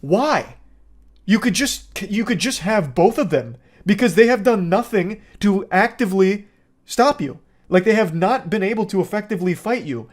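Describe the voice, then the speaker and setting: A man, an online movie reviewer, ranting in a sarcastic, exasperated and profane style. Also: high-pitched. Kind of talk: casual ranting commentary.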